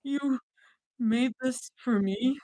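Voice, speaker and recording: A woman voicing a fragile young woman who speaks softly in a croaky, trembling voice. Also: mid-range voice, little pitch movement, normal speed, no echo, natural voice, low-quality recording. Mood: tearful.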